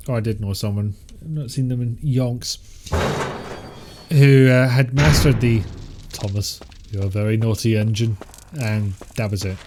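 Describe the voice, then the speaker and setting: A man's voice: medium pitch, darkish tone, a little hiss or hum. A British man giving casual gameplay commentary, dry and self-mocking, muttering to himself on a close compressed mic. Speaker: streamer. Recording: game music behind.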